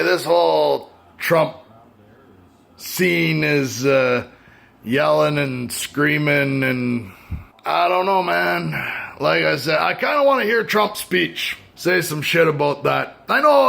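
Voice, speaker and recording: A man's voice: fairly high pitch, lively intonation, a little slow, creaky, fairly bright tone. A Canadian man rambling sarcastically and swearing freely in a casual vlog, recorded on a phone. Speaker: vlogger. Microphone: phone camera.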